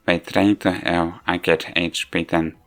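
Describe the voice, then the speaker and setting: A man narrating a video game review, halting often and restarting words as he goes. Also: deep voice, level tone. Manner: halting, frequent restarts and self-corrections. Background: faint background music.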